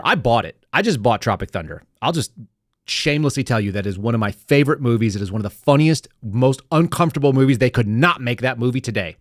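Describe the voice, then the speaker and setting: A man's voice: a little high, dry recording. Man, podcast host, sardonic rambling commentary, dry close mic. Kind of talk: casual political commentary.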